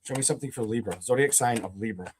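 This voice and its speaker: A man's voice: medium pitch, fast talker, noisy background. A man giving a tarot reading for a zodiac sign, talking bluntly and swearing a lot as he gets worked up. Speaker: tarot reader.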